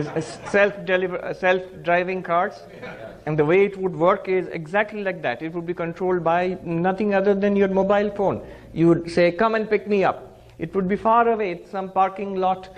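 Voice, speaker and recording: A monk giving a spiritual discourse, telling stories animatedly and chuckling as he teaches. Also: high voice. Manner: animated storyteller who laughs and chuckles.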